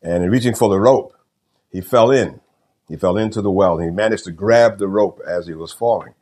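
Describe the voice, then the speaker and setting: Deep-voiced pastor preaching a homely sermon. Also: male voice, darkish tone. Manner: folksy, unhurried, repeats phrases and fills with uh. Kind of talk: sermon with prayer and storytelling.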